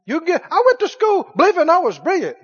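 A man's voice: extremely high pitch, huge pitch swings, a little fast, highs cut off. A man preaching a sermon in a folksy, emphatic way, repeating phrases for effect. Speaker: pastor.

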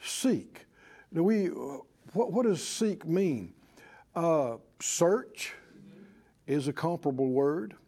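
A man preaching a sermon in an animated way, asking the congregation to answer back and mimicking worried voices. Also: a little high, slow.

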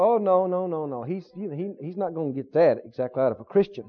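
A man's voice: fairly high pitch, expressive, fast talker, highs cut off. A man preaching a sermon emphatically, repeating his points and asking the congregation questions. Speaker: pastor.

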